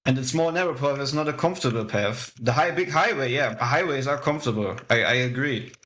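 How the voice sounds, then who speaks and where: A man speaking on a voice call who preaches in a halting way, filling pauses with ums. His voice has a bright, forceful edge. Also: medium pitch. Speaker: chat participant. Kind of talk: casual preaching chat.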